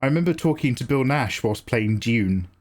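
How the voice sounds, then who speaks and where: A man's voice: mid-range voice, lively intonation, moderate pace. A man chatting loosely on a drawing livestream, swearing, joking and greeting chat by name. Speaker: streamer and artist.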